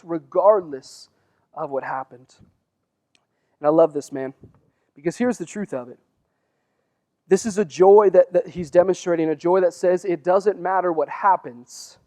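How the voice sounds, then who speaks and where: A man with a high-pitched voice preaches a sermon. He moves from hushed, conversational stretches to loud, fervent peaks, and keeps tossing "right?" and "man" at his listeners. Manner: energetic preaching, rising to near shouts, frequent "right?" and "man". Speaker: pastor.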